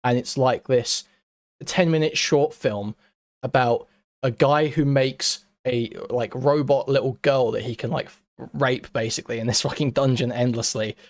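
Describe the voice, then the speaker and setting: Male guest, earnest and halting, mid-pitched, dry close sound. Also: fairly even intonation, no room sound. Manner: earnest, hesitant, many restarts. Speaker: guest commentator. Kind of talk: casual call conversation.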